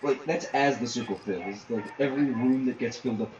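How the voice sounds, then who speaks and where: A man running a tabletop game, narrating in a halting way with many fillers. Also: medium pitch, roomy sound, dull audio, very noisy. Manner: halting, filler-heavy storytelling. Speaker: game master.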